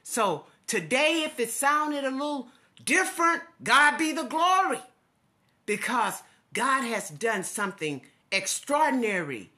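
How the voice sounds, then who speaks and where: Middle-aged woman preaching, bright tense tone, really slow and passionate, repeats herself in a preaching cadence. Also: a little high. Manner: impassioned, repetitive preaching cadence. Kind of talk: devotional sermon.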